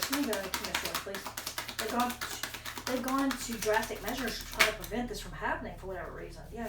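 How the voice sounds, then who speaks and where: Chewing gum while she works, a tarot reader gives a casual reading, thinking aloud, rambling, and correcting herself. Her voice is medium in pitch with a fairly bright tone, and the recording sounds echoey, with her sitting distant from the mic.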